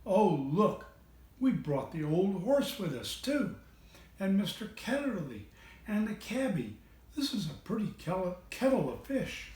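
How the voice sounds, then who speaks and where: A man voicing an excited young girl in a raised, lively voice. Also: high-pitched, unhurried, reverberant, distant mic, voice pushed up, poor audio.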